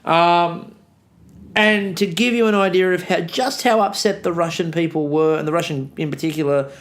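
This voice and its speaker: A man chats loosely on a history podcast. His voice sits a little high, and he jokes with dry sarcasm. He often restarts his sentences as he talks. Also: moderate pace. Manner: sarcastic, joking, rambling with restarts. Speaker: podcast co-host, history teacher. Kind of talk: casual history podcast chat.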